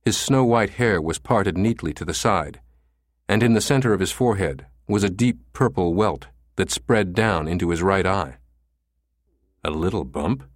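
A man reading an audiobook thriller in steady, measured scripted narration. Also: low-pitched, no room sound, clean studio sound.

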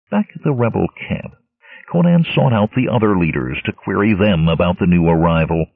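A male narrator reads a sword-and-sorcery novel with dramatic, expressive storytelling and a lively, swinging pitch. His voice is low, gravelly and husky. The recording is bone-dry and thin, squeezed into a narrow, phone-like band. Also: normal speed, no echo. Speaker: audiobook narrator. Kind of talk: scripted narration. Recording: tinny lo-fi narrowband audio, dry.

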